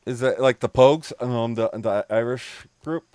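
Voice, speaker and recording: A man's voice: mid-range voice, moderate pace, a little mellow, clean tone, no room sound, studio quality. A man streaming a game and chatting casually with viewers, rambling, laughing often and swearing freely. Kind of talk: casual live-stream chat.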